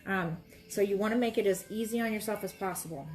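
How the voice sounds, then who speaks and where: A woman's voice: mid-range voice, fast, a little mellow, soft background music. A woman teaching quilting in a casual demonstration, chatty and reassuring as she talks while she works at her sewing station. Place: sewing room, moving between workstations.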